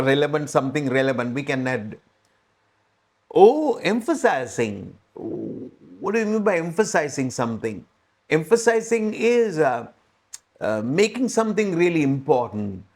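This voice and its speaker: A man's voice: medium pitch, a little mellow. A man with a Sri Lankan accent teaching a spoken English lesson, patiently repeating phrases and checking that learners follow.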